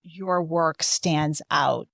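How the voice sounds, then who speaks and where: A woman hosting a podcast, asking unhurried, attentive questions. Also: sits low, creaky, fairly bright tone, dry recording, clean studio sound. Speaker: podcast host. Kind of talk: podcast interview.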